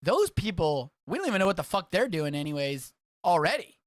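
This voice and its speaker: A man from Texas hosting a casual livestreamed podcast, rambling and excitable, swearing freely as he talks. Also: sits high, fairly quick, no room sound, clean studio sound. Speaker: podcast host.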